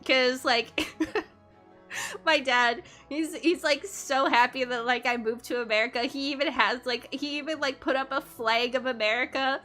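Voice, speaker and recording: A woman's voice: sits high, steady tone, a little slow, pushed and bright, faint music behind. A woman from Canada chatting casually on a livestream, bubbly and giggly, rambling and laughing often. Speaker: streamer.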